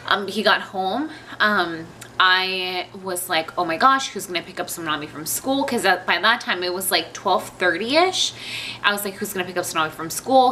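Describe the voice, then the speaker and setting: A woman's voice: mid-range voice, bright, forceful tone, a little hiss or hum. A young woman telling a personal story to her camera at home, chatty and rambling with many fillers and asides. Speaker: vlogger.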